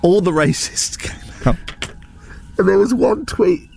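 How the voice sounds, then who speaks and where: A man's voice: sits high, expressive, slow, creaky, a little mellow, slight background noise. A man hosting a radio breakfast show, bantering in a teasing, mock-outraged way. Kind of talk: casual on-air banter.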